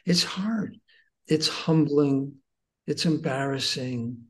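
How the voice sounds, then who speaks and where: Speaking at an ordinary pace with a somewhat high voice, this man in his sixties is a guest teacher recounting his own experiences. He's earnest, moving from excited bursts to quiet, hushed moments.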